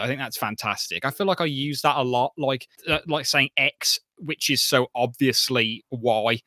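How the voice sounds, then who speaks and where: A man co-hosting a casual podcast, his voice bright and forceful. He talks animatedly about a sitcom, laughs often and pokes fun at himself. The sound is dry and close to the mic. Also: medium pitch, moderate pace, few pauses, no room sound. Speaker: podcast co-host.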